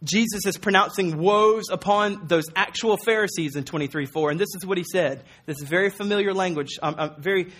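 A man's voice: sits high, fairly quick, hardly any pauses, a bit bright. A man preaching a sermon as a pastor, earnest and emphatic, conversational with repeated words and fillers. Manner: earnest and emphatic, quoting Jesus with rising force.

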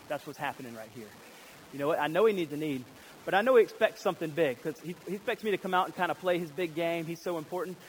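A male pastor delivering a sermon in a fairly high voice. He is animated and slips into character voices as he tells the story. Faint noise sits under the recording. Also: fast talker, rough recording. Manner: animated, acts out voices of biblical figures.

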